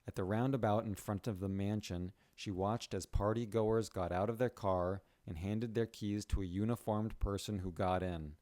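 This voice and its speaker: A man's voice: on the low side, fairly even intonation, normal speed, few pauses, darkish tone, dry recording. A man reading a story aloud in plain scripted narration.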